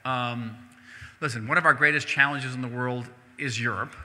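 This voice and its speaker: A man's voice: mid-range voice, fairly even intonation, moderate pace, sharp tone. A man, a diplomat, answering audience questions at a synagogue event in an emphatic, conversational way, repeating words as he goes. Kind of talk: public Q&A answer. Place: synagogue hall. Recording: hall reverb.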